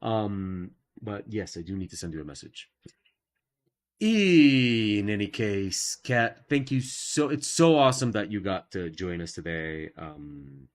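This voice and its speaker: Jokey guy hosting a live art stream, lowish voice that jumps all over, laughs at himself a lot. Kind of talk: casual chat.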